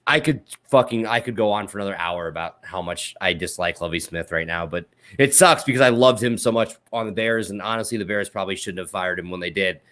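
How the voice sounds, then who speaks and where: A man's voice: low voice, a little fast, hardly any pauses, a bit bright. Laid-back joking podcast host, a man. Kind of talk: casual podcast chat.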